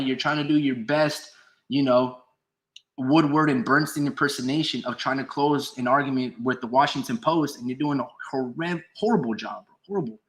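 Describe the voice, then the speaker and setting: Male streamer, crisp bright tone, profane and combative, answers chat comments out loud. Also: mid-range voice. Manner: heated, profane, argues with chat; reads chat comments aloud and answers them. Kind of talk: casual live-stream commentary.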